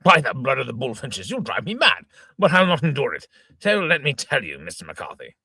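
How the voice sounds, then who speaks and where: Casting: a man playing a fuming old father, bright edgy tone, wildly swooping delivery, husky. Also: mid-range voice, huge pitch swings, brisk, no room sound, studio quality, heavily acted. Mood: indignant. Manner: sputtering oaths, exclaiming, shouting indignantly. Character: blustering old gentleman father, hot-tempered. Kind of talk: amateur reading of an old stage farce.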